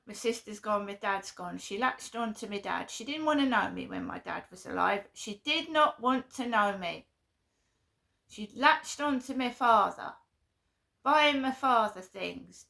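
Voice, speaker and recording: A woman's voice: on the high side, gravelly, bright, forceful tone. A woman venting emphatically in a vlog, repeating her points in an aggrieved way. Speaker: vlogger.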